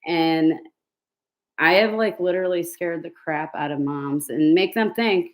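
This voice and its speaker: A woman with a slightly low voice rambles through her stories in a casual chat. She talks blunt and profane and fills the gaps with fillers and laughter. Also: unhurried. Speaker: vlogger. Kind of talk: casual storytelling.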